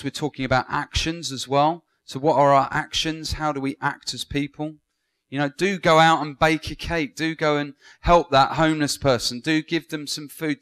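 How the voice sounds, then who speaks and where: A man's voice: a little high, a bit bright, smooth. A man giving a Bible school classroom lecture, engaging, asking students questions and praising their answers.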